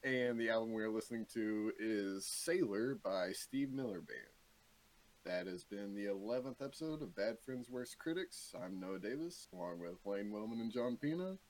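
A man's voice: fairly low pitch, expressive, moderate pace. A young man hosting a podcast, laid-back and wry in casual chat, wrapping up the episode. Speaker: podcast host.

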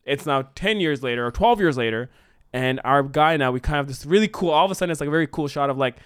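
A man talks fast and loosely, piling up fillers as he pitches a movie scene to his co-host. His voice is smooth and clear. The sound is close and dry. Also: no room sound. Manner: animated, rambling storytelling with many fillers. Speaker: podcast co-host. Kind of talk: casual brainstorming chat.

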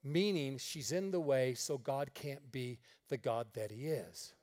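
A man's voice: medium pitch, unhurried, a little mellow. A male pastor preaching a storytelling sermon to a congregation, folksy and joking, acting out the dialogue. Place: church meeting room.

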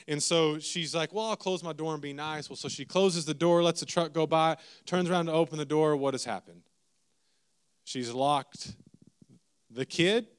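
Man, thirties, sermon storyteller, self-mocking asides, smooth clear voice, slightly high.

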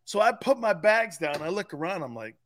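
A man's voice: high voice, a little fast. A middle-aged man co-hosting a sports talk show, telling stories in a loose, profane way and often breaking into laughter. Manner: profane, laughing, animated retelling. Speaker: sports radio co-host. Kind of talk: casual storytelling chat.

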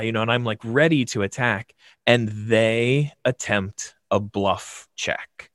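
A man, a game master, casually telling an animated, self-deprecating story in conversation. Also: medium pitch, slow pace, no echo, studio quality.

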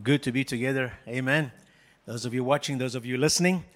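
A male pastor preaching a sermon in an animated, jokey way, addressing the congregation. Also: medium pitch, fast, big-room sound.

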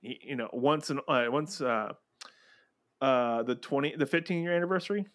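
A middle-aged man talking as a guest on a fan podcast, circling his points with plenty of fillers and restarts. His pitch sits in an ordinary middle range. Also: moderate pace, fairly bright tone, dry recording, clean studio sound. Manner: rambling, many fillers and restarts. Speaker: guest YouTuber. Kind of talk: casual fan chat.

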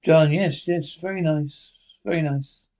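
A man's voice: on the high side, slow, a little mellow. A man reading the part of a nervous, secretive husband who keeps repeating himself anxiously. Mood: tense.

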